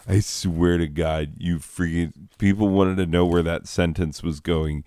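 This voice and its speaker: A man hosting a rambling comedic monologue at home, reading advice letters in a deadpan, self-mocking way and getting sidetracked. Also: deep voice, a little slow, hardly any pauses, dry recording. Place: at home with a cat nearby.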